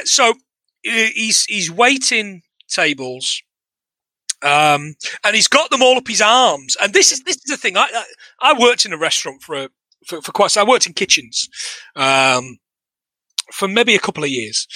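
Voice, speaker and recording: Podcast co-host, a man, high and very bright voice, sweary, exasperated, dry close mic. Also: expressive, unhurried, no room sound. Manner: sweary, exasperated, rambling with restarts. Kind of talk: casual comedic film review chat.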